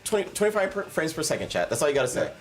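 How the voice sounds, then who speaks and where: A man's voice: on the high side, very animated, racing, a loud crowd. A man in casual stream chat, teasing his co-host in a dry manner.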